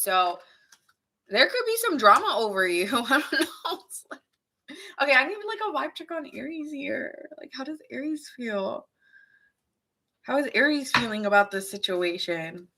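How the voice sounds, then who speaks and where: Bright-voiced woman giving a chatty tarot reading. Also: on the high side, moderate pace. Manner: chatty, laughs often, heavy use of "like"; playful, animated asides to the viewer. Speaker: tarot reader. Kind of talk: casual tarot reading to camera.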